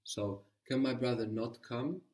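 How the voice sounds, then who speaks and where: A man teaching a guided language lesson, patiently prompting and repeating answers slowly. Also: mid-range voice, a little mellow, distant mic.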